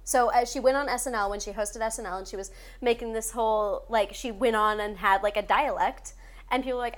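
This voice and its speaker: A woman chatting casually as a podcast co-host, rambling through anecdotes with quick asides. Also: on the high side, a bit bright. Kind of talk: casual chat about the Oscars.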